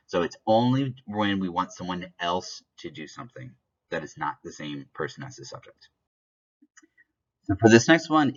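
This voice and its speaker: A man's voice: low-pitched, fairly bright tone. A man teaching a recorded lesson, explaining step by step and adding offhand jokes. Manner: explains step by step, switching between French examples and English glosses; offhand asides and small jokes. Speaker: French teacher. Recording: dull lo-fi recording.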